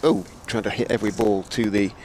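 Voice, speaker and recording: Low-voiced male cricket commentator. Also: steady tone, a little mellow, a little hiss or hum. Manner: measured, storytelling between deliveries. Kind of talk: live ball-by-ball cricket commentary.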